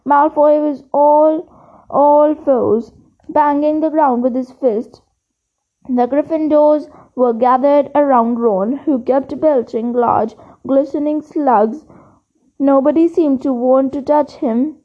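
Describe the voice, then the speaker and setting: A woman reads a storybook aloud in a high voice at a slow, careful pace. She stumbles now and then and restarts a word. The recording is dull and lo-fi. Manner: steady reading with occasional slips and restarts. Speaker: reader. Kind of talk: audiobook reading.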